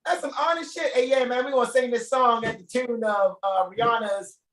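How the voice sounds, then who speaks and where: A man hosting a live reading, talking off the cuff in a rambling, animated way and laughing often. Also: extremely high pitch, fairly quick, slight background noise. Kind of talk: casual improvised commentary. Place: room in a shop. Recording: echoey room.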